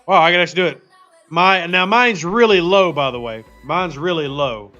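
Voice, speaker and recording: A man with a fairly high voice hosts a live game stream, chatting in a quick, upbeat way and greeting viewers one by one. The audio is slightly dull and lo-fi, with faint music underneath. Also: pushed and bright. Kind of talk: casual live-stream chat.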